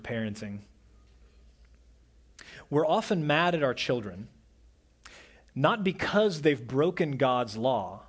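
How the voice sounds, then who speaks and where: A middle-aged male pastor preaching an earnest sermon, dropping to a soft hush on key words. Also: medium pitch, slightly rough.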